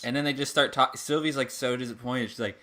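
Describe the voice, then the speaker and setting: Male co-host, bright crisp voice, animated, mimics characters while he talks. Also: medium pitch, fast talker. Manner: animated, acts out characters' lines. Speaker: podcast co-host. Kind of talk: casual chat.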